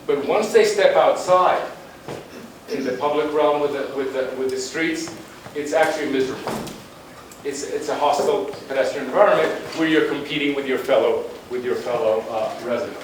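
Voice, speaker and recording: A man's voice: medium pitch, moderate pace. A man giving a slide presentation on town planning, talking bluntly and conversationally with frequent restarts. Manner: emphatic and conversational, with blunt asides. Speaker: guest lecturer on urban planning. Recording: very echoey room, distant mic, faint noise.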